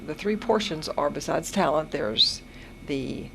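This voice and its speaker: Chatty older woman radio host, gravelly. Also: deep voice, lively intonation, a little slow, fairly bright tone, rough recording. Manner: chatty, laughs easily, has the hiccups. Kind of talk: casual radio interview. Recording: AM radio broadcast with faint noise.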